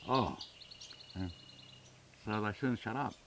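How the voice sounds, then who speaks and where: A man's voice: mid-range voice, normal speed, pauses often, distant mic, a little hiss or hum. Plain-spoken Australian man in his seventies. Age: 70s. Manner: plain-spoken, retells arguments with reported speech. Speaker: interviewee, community chair. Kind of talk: documentary interview storytelling.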